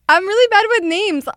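A woman's voice: very high voice, no echo. A woman chatting on a panel, laughing often and telling stories against herself. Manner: giggly, self-deprecating storyteller. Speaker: guest panelist. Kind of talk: casual group chat.

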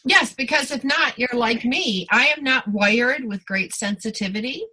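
A woman's voice: on the high side, normal speed, pushed and bright, breathy edge, low-quality recording. A woman hosting a casual chat, self-deprecating and giggly.

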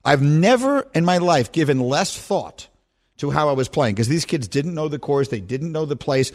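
A man's voice: fairly high pitch, expressive, normal speed, a little mellow. A middle-aged man hosting a sports radio show, chatting in a self-deprecating, storytelling way. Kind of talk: casual radio talk.

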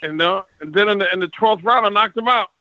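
A man's voice: high voice, fast talker, dull audio. A man, a former professional boxer, telling stories from his career in a casual interview and acting out the exchanges he quotes. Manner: animated, acts out quoted exchanges. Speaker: retired boxer, guest.

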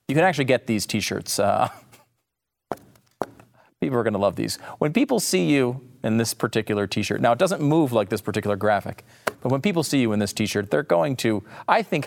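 A man's voice: medium pitch, gravelly. A man hosting a talk show, chatting casually with jokey, sarcastic asides. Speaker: podcast host.

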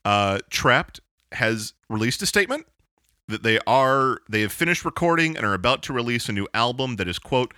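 A man's voice: mid-range voice, expressive, normal speed, sharp tone, smooth, no room sound, studio quality. A man co-hosting a podcast, chatting casually and jokily, often breaking into silly voices to quote people. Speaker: podcast co-host. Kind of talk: casual comedic chat.

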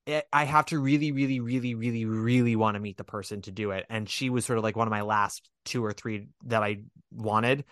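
A man chatting casually as a podcast host, rambling and animated, with a self-deprecating, frank manner. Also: medium pitch, no echo, clean studio sound. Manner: swears casually. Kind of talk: casual chat.

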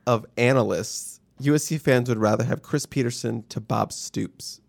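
Brief: male podcast host, gravelly, joking, casual sports banter. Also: mid-range voice, normal speed. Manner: joking, runs the segment.

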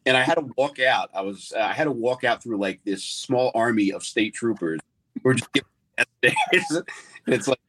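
A man's voice: medium pitch, expressive, normal speed, a bit bright, slight background noise. A man, a comedian guest rambling through a story in casual chat with lots of fillers.

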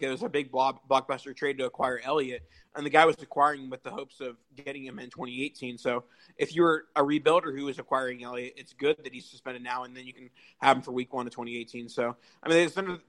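A man with a medium-pitched voice speaks at a brisk clip as a panelist on a sports podcast. He thinks aloud and often restarts his sentences. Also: a bit bright, low-quality recording. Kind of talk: casual sports podcast chat.

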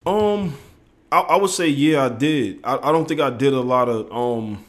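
A man's voice: mid-range voice, moderate pace. A man co-hosting a casual podcast, laid-back and slangy, swearing and acting out voices as he tells childhood stories. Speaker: podcast co-host. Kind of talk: casual conversation.

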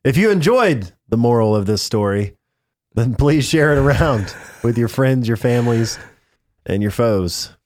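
A man's voice: mid-range voice, animated, a little slow, a little mellow, dry recording, clean studio sound. A man co-hosting a podcast, talking in a sarcastic, joking way in casual political chat. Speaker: podcast co-host.

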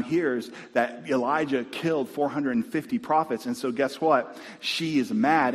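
A male pastor preaching a sermon, animated and calling out to his congregation. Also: mid-range voice. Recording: long reverb in a church hall.

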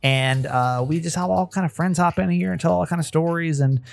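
A man hosting a casual podcast chat, quick and self-mocking, laughing often. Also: a little high, creaky. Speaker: podcast host.

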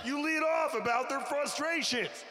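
A man playing a loud, bossy male ghost who coaches salesmen, shouting his tips in pushy pitchman patter. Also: moderate pace. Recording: roomy hall echo.

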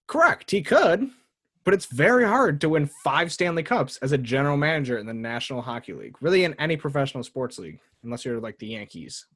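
A man hosting a casual sports podcast, talking in an animated way with frequent laughs and mock impressions. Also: on the high side, fast talker. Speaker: podcast host.

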